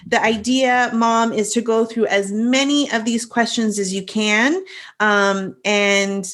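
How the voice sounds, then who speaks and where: A woman's voice: fairly high pitch, steady tone, takes it slowly, a bit bright. A young woman co-hosting a casual podcast, explaining the segment and steering the talk. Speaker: podcast co-host.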